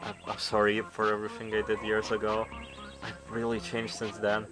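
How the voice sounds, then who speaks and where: A man voicing a frightened young man who begs forgiveness, speaking quietly and hesitantly with stammers, game music behind. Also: lowish voice, monotone, normal speed, close to an everyday voice. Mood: nervous.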